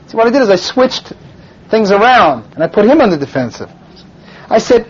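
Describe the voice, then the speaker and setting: A man's voice: sits high, a little fast, pauses often, breathy edge. A man lectures as a rabbi, his voice swinging widely up and down as he tells a story and fires questions at the room. The recording is dull and lo-fi. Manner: animated storyteller, pressing the audience with questions. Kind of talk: teaching lecture with rhetorical questions.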